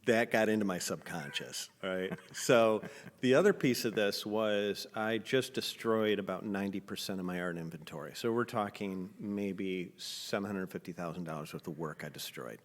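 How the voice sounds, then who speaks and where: Blunt, animated man telling a story. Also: sits low, normal speed, long reverb tail. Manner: animated, blunt storyteller who acts out dialogue. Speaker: artist guest. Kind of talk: casual storytelling. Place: studio.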